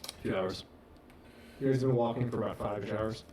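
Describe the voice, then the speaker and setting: A man's voice: on the low side, a little fast, a little mellow, slight background noise. A young man as game master of a tabletop game, explaining rules patiently and laughing often. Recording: echoey room with music underneath.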